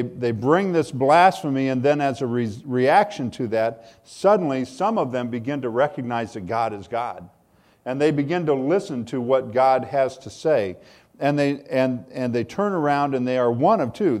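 A man's voice: mid-range voice, darkish tone. A man preaching a sermon as pastor, speaking with rising emphasis and reading scripture aloud.

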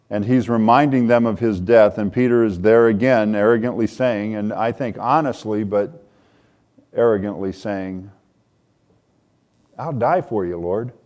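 A man's voice: fairly low pitch, fairly even intonation, moderate pace, a little mellow. A man preaching a sermon in a conversational way, reading scripture aloud with more force. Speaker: pastor.

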